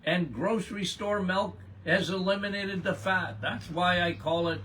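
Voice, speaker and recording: A man's voice: sits high, steady tone, measured pace, bright, forceful tone, a little hiss or hum. An older man hosting a health podcast, reading out listener questions and answering them in a blunt, emphatic, folksy way. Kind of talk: casual health Q&A.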